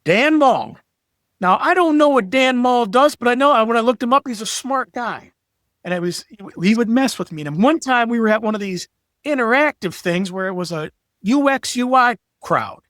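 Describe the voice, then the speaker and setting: Middle-aged guy, high voice, super animated and swears a lot, acts out stories, dry close mic. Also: moderate pace, no room sound. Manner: animated storyteller, profane, acts out quotes. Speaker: podcast guest, graphic designer. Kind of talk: casual chat.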